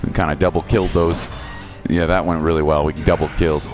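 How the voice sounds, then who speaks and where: A man's voice: extremely low pitch, little pitch movement, fast talker, music in the background. A man streaming a video game, chatting casually and reading viewer comments aloud. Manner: chatty, reads viewer chat aloud, reacts playfully.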